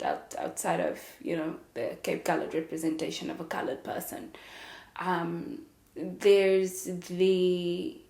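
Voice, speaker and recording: Reflecting candidly in a casual podcast monologue, a young adult host with a South African English accent often laughs and fills her pauses. Her voice is fairly low and a little mellow, and the sound is reverberant.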